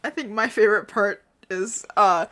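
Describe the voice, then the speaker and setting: A woman's voice: medium pitch, fairly bright tone. A woman co-hosting a podcast, reading fan fiction aloud and chatting, giggling often. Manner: giggly, slow and drawn out, often laughing. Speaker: podcast co-host.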